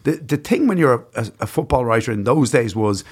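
Man, husky voice, mid pitch, thoughtful guest chat. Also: animated, a little fast. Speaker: guest, former football writer. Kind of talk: casual interview chat.

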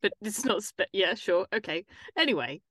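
A woman hosts a casual podcast with a lively, bouncing voice, teasing her co-host and laughing easily. The recording is dry and close. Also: mid-range voice, normal speed, breathy edge, dry recording. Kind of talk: casual chat.

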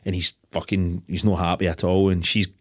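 Fast-talking Scottish man, low voice. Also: no echo, studio quality. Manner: swearing, animated retelling of scenes. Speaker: podcast host. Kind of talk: casual film chat.

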